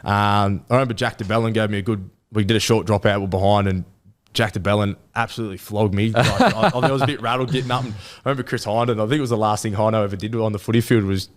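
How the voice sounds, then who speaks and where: Young Aussie bloke, quick rambling talker, low smooth voice, casual interview guest. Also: male voice. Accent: Australian. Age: 20s. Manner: rambling storytelling with many restarts and fillers. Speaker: rugby league player guest.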